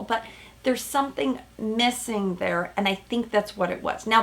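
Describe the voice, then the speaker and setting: Animated woman therapist recapping TV. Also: on the high side. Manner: animated, emphatic, with many "right?" asides. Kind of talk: casual commentary on a reality show.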